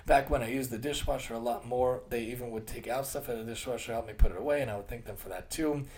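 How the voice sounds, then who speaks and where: A man's voice: mid-range voice, quick pace, a little mellow. A man in his thirties giving a casual, earnest solo talk as a host and occupational therapist. He often repeats and rephrases his points. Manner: acts out quoted voices with shifts in tone.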